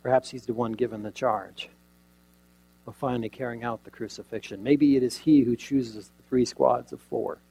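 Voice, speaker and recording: Delivering a sermon at normal speed, a man with a slightly rough mid-range voice dramatically retells a scene, full of rhetorical questions and abrupt drops from loud emphasis to near quiet. The recording is rough.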